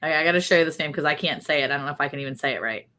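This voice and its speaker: A woman's voice: sits low, racing, pushed and bright. A woman hosting a casual livestream, quizzing her co-host and reading viewer comments aloud. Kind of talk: casual chat, running a guessing game.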